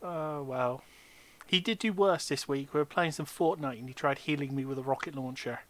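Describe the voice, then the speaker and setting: A man's voice: fairly high pitch, normal speed. A man acting as dungeon master, chatting casually and telling jokey, rambling stories between game turns. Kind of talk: casual chat while running a tabletop game.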